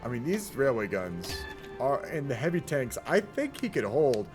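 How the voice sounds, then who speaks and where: A man's voice: medium pitch, sing-song, normal speed, over music. Rambling man casting a game. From United States. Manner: rambling, chatty, talks to the chat. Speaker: game caster. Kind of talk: casual strategy game replay commentary.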